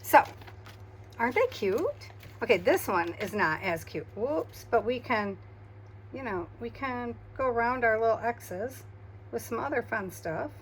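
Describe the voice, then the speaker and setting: Woman crafting and chatting to herself, kinda quiet and tired, lots of little hums, faint hiss behind. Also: a little high, a little slow. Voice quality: hums and murmurs to herself while working. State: quiet, tired after migraine. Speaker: craft video host.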